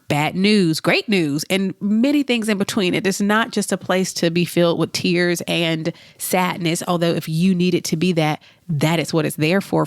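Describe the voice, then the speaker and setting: A woman's voice: lowish voice, no room sound, studio quality. A woman hosting a solo podcast, talking in an earnest, reflective, conversational way, a little congested. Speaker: podcast host.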